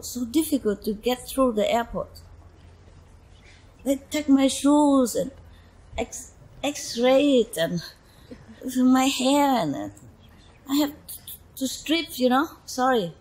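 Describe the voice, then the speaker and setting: Husky-voiced woman teacher, chatty storytelling. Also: high-pitched, lively intonation, slow pace, long pauses, a little mellow, low-quality recording. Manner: chatty storytelling, frequent laughter, asides like "you know". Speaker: spiritual teacher. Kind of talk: informal talk to followers.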